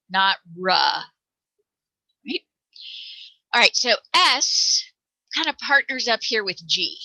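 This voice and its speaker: American woman teacher, slow and patient, very bright tone, dry close sound. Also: mid-range voice, lively intonation, no echo, low-quality recording. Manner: patient, demonstrates sounds aloud. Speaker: reading teacher. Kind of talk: explaining letter sounds to parents.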